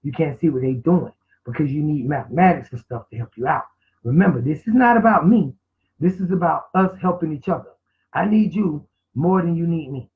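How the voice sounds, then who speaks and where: A man's voice: on the high side, lively intonation, fairly quick. A man giving an informal class lecture in a preachy way, repeating words and spelling them out letter by letter. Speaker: teacher. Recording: tinny phone-like sound.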